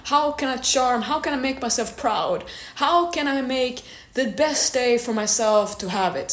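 A woman fitness coach giving a blunt, candid motivational monologue and swearing now and then. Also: on the high side. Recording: echoey room.

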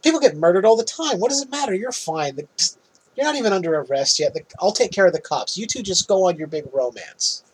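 A man's voice: high-pitched, animated, a little fast, breathy edge, voice pushed up, exaggerated voice, poor audio. A man voicing a flippant woman therapist who brushes everything off in a breezy, raised voice. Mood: dismissive.

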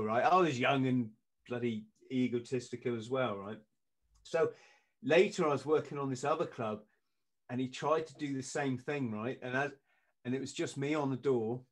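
A man's voice: mid-range voice, moderate pace. A middle-aged man, a podcast guest telling stories in casual chat and acting out what people said. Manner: lively anecdotes, acting out quoted lines in punchy bursts.

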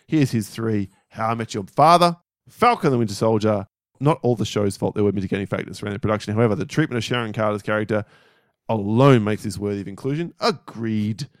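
A man co-hosting a podcast, reading out listener lists in casual, animated chat with frequent swearing and laughter. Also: on the low side, fast talker, dry recording, studio quality. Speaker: podcast co-host.

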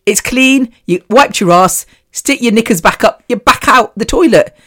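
A woman hosting her own podcast, talking candidly and bluntly, swearing freely and telling animated stories. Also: a little high, normal speed. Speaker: podcast host. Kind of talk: candid casual monologue.

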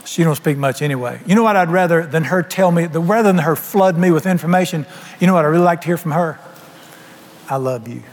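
A man with a slightly high voice preaches fast in a church sanctuary, keeping his sermon folksy, funny, and colloquial. Long hall reverb and faint music can be heard in the recording.

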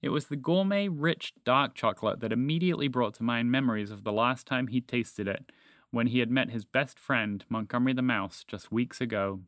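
A man narrating a children's storybook in a calm, even reading manner. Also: mid-range voice, moderate pace, dry recording, studio quality.

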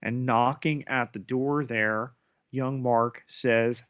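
A man co-hosting a podcast, retelling a TV episode scene by scene in a measured way. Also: medium pitch, fairly even intonation, a bit bright, clean tone, no echo, highs cut off. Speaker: podcast co-host. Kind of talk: episode recap narration.

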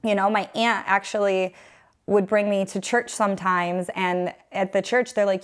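A woman's voice: mid-range voice, steady tone, moderate pace. A woman in her thirties from upstate New York, telling her faith story as an interview guest, earnest and rambling with many fillers and restarts. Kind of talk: personal faith testimony in conversation.

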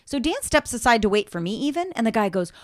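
A middle-aged woman telling stories in casual chat, animated, swearing and laughing as she goes. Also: on the high side, fast talker, no echo, clean studio sound. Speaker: storyteller.

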